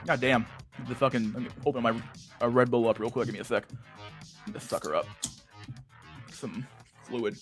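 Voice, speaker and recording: A young man hosting a casual livestream at a middle pitch. He talks in a profane, slangy way and keeps restarting his sentences. Faint music plays behind him. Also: fairly even intonation, normal speed, long pauses. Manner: profane and slangy, lots of "dude" and "bro", many restarts. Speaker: livestream host.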